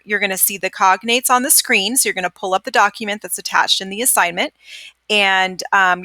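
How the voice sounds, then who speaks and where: A woman teacher talking through a recorded screencast lesson, chatty with many fillers, and patiently repeating words slowly for students to copy. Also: medium pitch, sharp tone, no echo, clean studio sound. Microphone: computer microphone during screencast.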